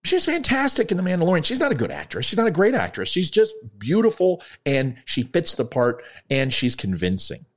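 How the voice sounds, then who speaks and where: Animated sarcastic man ranting. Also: a little high, a little fast, hardly any pauses. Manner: sarcastic, ranting, swings between loud and muttered. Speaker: online commentator. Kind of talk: opinion commentary monologue.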